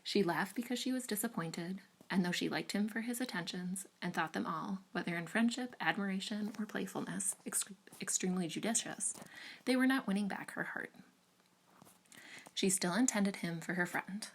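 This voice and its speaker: A woman librarian reading a classic novel aloud in measured, steady narration. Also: medium pitch, slight background noise. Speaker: librarian reader.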